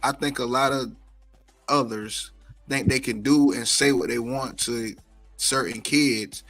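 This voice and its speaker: A man with a gravelly voice and a bright, forceful edge talks casually on a comedy podcast. He hammers his points by repeating words. Faint music sits behind him. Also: medium pitch, steady tone, unhurried, no echo. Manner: emphatic, repeats words for stress. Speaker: podcast co-host. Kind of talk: casual chat.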